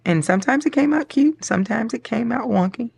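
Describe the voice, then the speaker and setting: A woman's voice: on the high side, lively intonation, a little fast, creaky, a little mellow, husky. A middle-aged woman chatting casually and rambling while she decorates her planner, laughing often and getting choked up. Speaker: planner vlogger.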